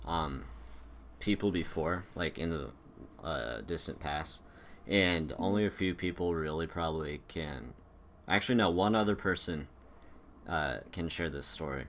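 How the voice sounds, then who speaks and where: A man's voice: extremely low pitch, a little slow, fairly bright tone, a little hiss or hum. A young man hosting a casual chat, telling stories in a rambling way with lots of fillers and restarts. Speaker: podcast host.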